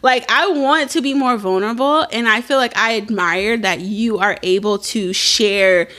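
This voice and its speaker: A young adult woman co-hosting a podcast in casual chat, candid and animated, swearing freely and acting out quotes. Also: fairly high pitch, moderate pace. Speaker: podcast co-host.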